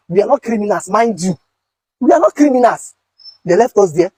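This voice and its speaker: A man's voice: high voice, lively intonation, fairly quick, mellow, husky, no room sound. A young Nigerian man with a Nigerian accent, making an urgent, pleading direct-to-camera appeal and repeating phrases. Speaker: content creator recounting police detention.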